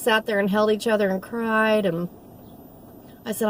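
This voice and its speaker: A woman's voice: mid-range voice, little pitch movement, normal speed, a little hiss or hum. A middle-aged woman, a nursing assistant telling a rambling, heartfelt story in a casual vlog. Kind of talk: casual talking-to-camera vlog.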